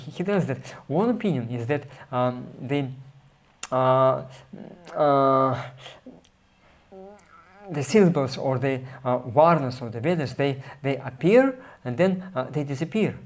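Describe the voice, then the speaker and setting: Man teaching scripture, halting. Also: medium pitch, lively intonation. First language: Russian. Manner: halting, many fillers and restarts, reads passages aloud then explains. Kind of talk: explanatory scripture class.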